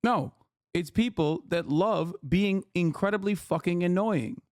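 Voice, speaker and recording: A man hosting a livestream, his voice pitched a little above the usual male range. He lectures his chat in an exasperated, profane rant, and the sound is close and dry with no room echo. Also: a little slow. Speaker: livestream host.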